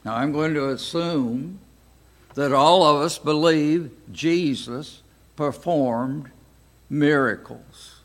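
An older American man teaching a Bible study class, speaking slowly and deliberately with frequent pauses. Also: a little high. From United States. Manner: slow, deliberate, pausing often.

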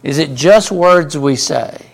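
A man's voice: fairly high pitch, takes it slowly, creaky. A man teaching a group Bible class in a conversational way, asking the group questions as he goes.

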